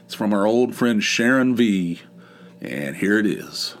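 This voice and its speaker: A man's voice: fairly low pitch, expressive, measured pace, a little hiss or hum. A man hosting his own podcast in a casual, rambling, self-deprecating monologue, with a big dopey voice and many restarts. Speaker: podcast host.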